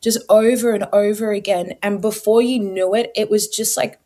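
A woman's voice: medium pitch, steady tone, normal speed, warm tone. A young woman from Australia tells her personal story as an interview guest. She talks earnestly and vividly, slipping into her own past thoughts as she goes.

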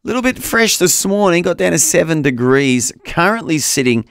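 A man's voice: fairly high pitch, very animated, normal speed, creaky, smooth, dry recording, studio quality. Upbeat radio host man. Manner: upbeat, chatty, enthusiastic. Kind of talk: casual breakfast radio chat. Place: radio studio. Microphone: studio microphone.

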